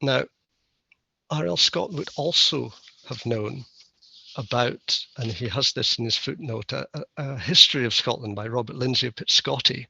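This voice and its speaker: Gravelly man giving a wry lecture. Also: medium pitch, moderate pace, sharp tone, no room sound, lo-fi sound. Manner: wry, self-deprecating. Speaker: keynote speaker. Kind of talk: conference lecture.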